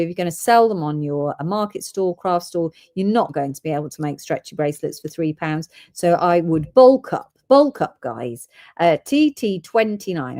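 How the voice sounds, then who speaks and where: A woman's voice: lowish voice, warm tone. Chatty woman hosting a sale. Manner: chatty, reads out orders and codes. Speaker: live sale host. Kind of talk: live shopping sale.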